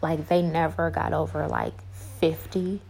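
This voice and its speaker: A young woman telling a personal story to her viewers, halting with many fillers and restarts. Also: deep voice, wildly swooping pitch, gravelly, a little mellow, husky, low-quality recording. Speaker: vlogger.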